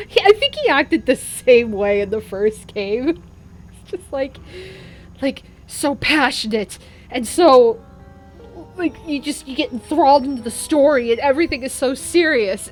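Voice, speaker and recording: Excitable, foul-mouthed woman streamer. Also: high voice, a little slow, faint music behind. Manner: excitable and swears freely. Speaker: gaming streamer. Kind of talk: casual game commentary.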